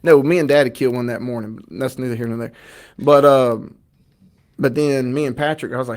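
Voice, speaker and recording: A man's voice: medium pitch, quick pace. Rambling man telling a hunting story. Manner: animated, rambling storyteller with fillers. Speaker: podcast co-host. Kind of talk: casual storytelling chat.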